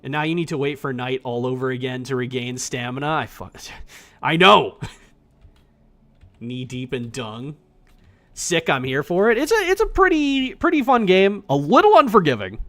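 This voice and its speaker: A man streaming himself playing an indie survival game, chatting casually with animated, profane, self-mocking commentary. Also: medium pitch, measured pace.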